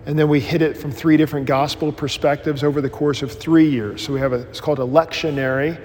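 In an informal Bible class, a pastor teaches fast and rambles casually, breaking into animated stories and self-deprecating humor. His voice is a little high for a man and carries a long reverb from a large hall.

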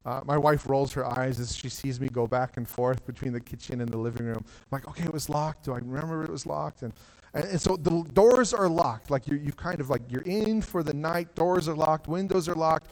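A man's voice: a little high, moderate pace. Guy pastor preaching on a church stage, chatty, lots of "like", hall reverb trailing. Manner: conversational preaching with frequent "like" and restarts. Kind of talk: sermon.

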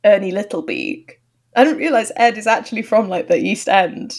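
A woman's voice: mid-range voice, lively intonation, moderate pace. A woman on a video call, chatting casually as a podcast co-host, laughing often and mocking herself. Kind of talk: casual chat.

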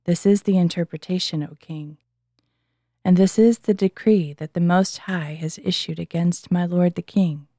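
Woman reading as a grave old-testament prophet explaining a king's dream, low mellow voice, close dry sound. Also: steady tone, normal speed, no room sound. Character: wise male prophet interpreting the king's dream.

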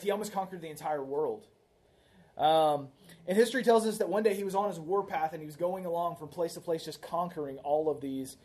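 A man's voice: fairly high pitch, mellow. A man preaching a sermon in a conversational way, often tagging his points with "right?" and telling a story to make them. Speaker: pastor.

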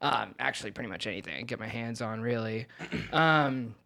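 A man's voice: medium pitch, fairly quick, vocal fry, sharp tone. A man in his thirties from Oregon, a podcast guest talking in a candid, reflective and hesitant way. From Oregon, USA. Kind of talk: casual podcast conversation.

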